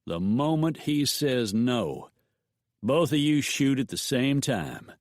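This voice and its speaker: A man's voice: mid-range voice, sing-song, slow pace, a little mellow, no echo, studio quality, pitched above the performer's own voice. A man voicing a scheming male boss who gives curt orders. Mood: commanding.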